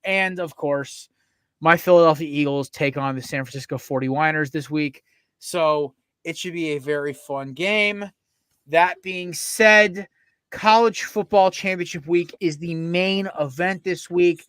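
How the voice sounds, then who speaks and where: A man hosts a casual sports podcast, speaking on the higher side for a man with a bright, forceful tone. He tells stories excitably and swears freely, piling on asides, and his voice sounds dry and close. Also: measured pace, smooth, dry recording. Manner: excitable, profane storyteller with frequent asides. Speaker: podcast host.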